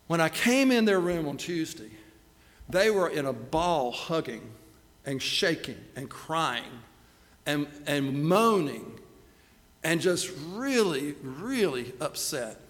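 A man's voice: on the high side, a little slow. Man preaching in a reverberant hall. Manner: self-deprecating, animated storytelling. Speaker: pastor. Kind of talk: sermon storytelling.

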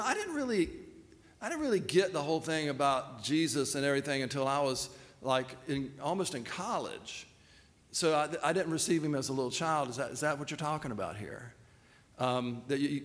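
A man's voice: fairly high pitch, a bit bright, in a large hall. A man preaching a sermon in a loose, conversational way, with fillers and restarts. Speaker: pastor.

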